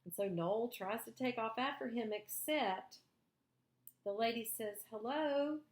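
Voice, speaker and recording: A woman's voice: medium pitch, reverberant. A woman hosting a book show, reading a graphic novel aloud and explaining the panels.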